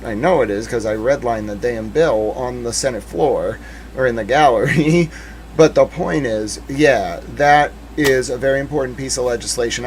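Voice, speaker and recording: A man's voice: mid-range voice, slight background noise. A man hosting a livestream, telling an indignant story in a casual, sarcastic way, acting out the other people's lines and swearing casually. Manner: animated, indignant storytelling with mock-quoted dialogue. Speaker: livestream host. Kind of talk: casual commentary rant.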